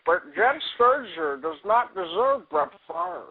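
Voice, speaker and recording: Guy putting on a rambly old football announcer, gravelly, goes way up and down, tinny lo-fi audio. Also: very high-pitched, wildly swooping pitch, takes it slowly, over a noisy crowd, heavily acted. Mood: rambling. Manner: rambling, stammering, laughing at own jokes. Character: rambling older male football commentator. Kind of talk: comedy podcast impression.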